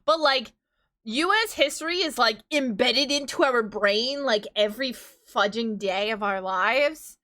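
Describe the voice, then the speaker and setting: A woman's voice: on the high side, unhurried, sharp tone. A woman in her thirties with a New York accent, chatting casually with her live-stream viewers, rambling and laughing often as she riffs on tangents. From New York, USA.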